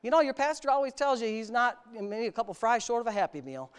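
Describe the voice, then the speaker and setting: A man's voice: very high voice, big pitch swings, fast, clear, resonant tone. A male pastor from the United States giving a candid personal testimony in a sermon, mixing self-mocking humor with serious storytelling.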